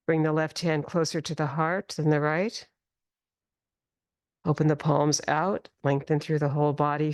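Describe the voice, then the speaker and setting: A woman teaching a qigong and tai chi class, giving calm, slow instructions and drawing out the healing sounds. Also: low-pitched, no room sound, clean studio sound. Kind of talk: guided movement class. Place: studio class in the city.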